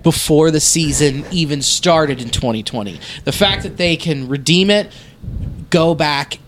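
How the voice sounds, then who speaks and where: A man co-hosting a casual sports podcast, talking in an animated way and laughing easily. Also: a little high, unhurried, slight background noise. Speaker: podcast co-host.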